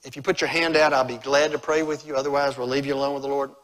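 A middle-aged man preaching a revival sermon in a church, swinging from loud exclamations to hushed appeals. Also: medium pitch, flat delivery, quick pace. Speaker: evangelist preacher. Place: church sanctuary.

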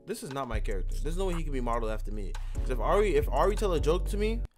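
A man's voice: on the high side, racing, faint music behind. A man hosting a casual let's-play, joking, swearing and talking back at the characters on screen. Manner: animated, joking, profane, talks to the game characters. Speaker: gaming channel host.

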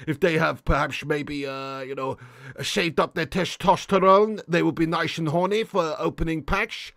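A man putting on a blunt Dutch football manager with a put-on Dutch accent and halting, searching phrasing. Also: fairly high pitch, vocal fry, fairly bright tone, dry recording, clean studio sound, voice pushed down, full character voice.

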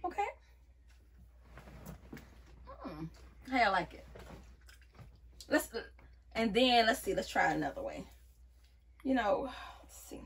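A woman's voice: fairly high pitch, very animated, slow pace, gravelly, pauses often, fairly bright tone, husky. A woman vlogging a wig review in a casual, playful way, often calling viewers y'all. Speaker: beauty vlogger.

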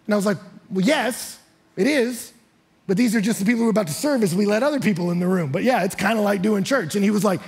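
Pastor, man, high husky voice, lively storyteller acting out every quote. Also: racing. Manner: energetic storyteller acting out quotes, rising loud and high in excitement; repeats words when starting sentences. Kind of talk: sermon. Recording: live church sanctuary.

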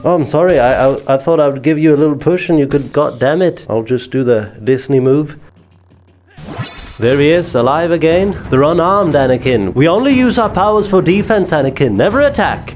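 A young man giving jokey, excitable commentary on his VR gameplay, often swearing. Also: a little high, brisk, faint music behind. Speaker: gaming YouTuber.

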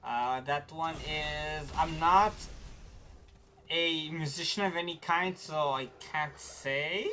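A woman streaming a game, chatting casually with viewers in an animated way, quick to get frustrated. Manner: voice jumps high when excited.

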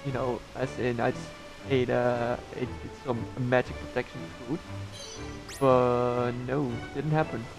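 A man's voice: mid-range voice, level tone, measured pace, gravelly. A young man talking casually over his gameplay, rambling and joking to himself, with game music behind. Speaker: gameplay streamer.

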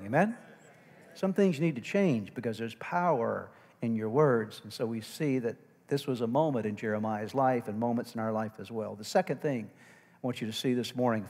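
A male pastor preaching a sermon. He engages the congregation with call-and-response checks and swings from loud, emphatic preaching to quiet asides. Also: medium pitch. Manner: call-and-response, frequent "amen?" and "okay?" checks. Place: church sanctuary. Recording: long reverb of a large church hall.

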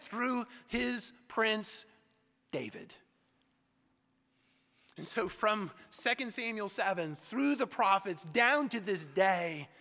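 A man's voice: sits high, bright, forceful tone. A man preaching a sermon as pastor, emphatic, with repeated phrases that build. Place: church sanctuary. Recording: echoey church sanctuary.

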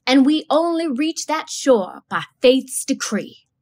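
Woman doing a hymn leader guy, chants lines real slow and drawn out. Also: sits high, expressive, pitched above the performer's own voice. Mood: solemn. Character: church song leader man lining out hymn verses.

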